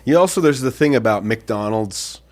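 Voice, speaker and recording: A young man trading jokes as co-host of a comedy podcast. His voice sits in a middle pitch. He is playful and breaks into laughter easily. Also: lively intonation, moderate pace. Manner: playful, laughs often, tries silly accents. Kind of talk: casual comedic chat.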